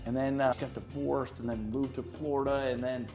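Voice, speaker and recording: Middle-aged guy on a podcast, tells stories fast and lively, does the voices of people he quotes. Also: medium pitch, music in the background. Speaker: real estate agent, podcast guest. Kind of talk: animated storytelling in an interview.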